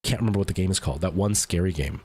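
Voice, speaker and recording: A man's voice: low voice, racing, darkish tone, breathy edge. A young man from El Salvador with a Canadian English accent, Spanish as his first language, chatting loosely on a stream and filling his talk with "like.". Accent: Canadian English with some American. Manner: rambling, lots of "like", mimics others' voices. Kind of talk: casual stream chat.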